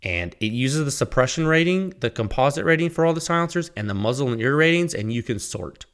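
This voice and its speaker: Mid-range, expressive and fairly quick, this man's voice sounds a bit bright, clear and resonant. He's hosting his own podcast solo, chatting casually and rambling, and he laughs at himself while reading his sponsor plug.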